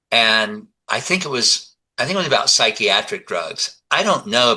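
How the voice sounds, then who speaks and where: A man in his seventies, a guest in a conversational interview, telling animated stories and acting out the dialogue. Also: fairly low pitch, low-quality recording. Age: 70s. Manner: animated storyteller who acts out dialogue.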